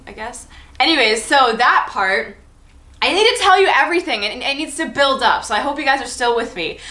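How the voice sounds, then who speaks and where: A woman's voice: a little high, pushed and bright, reverberant. A young woman telling a story on her vlog in a chatty, enthusiastic way, full of "like". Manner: chatty, enthusiastic, heavy use of "like". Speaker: vlogger. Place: room at home.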